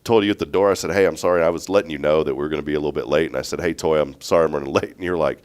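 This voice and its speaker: A man's voice: very deep voice, racing. A congested man, hosting a morning show in casual, rambling chat and laughing often.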